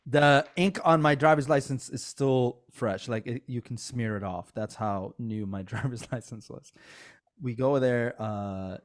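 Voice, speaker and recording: A man hosting a casual podcast, a comedian telling animated stories with lots of fillers and laughs. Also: medium pitch, a little slow.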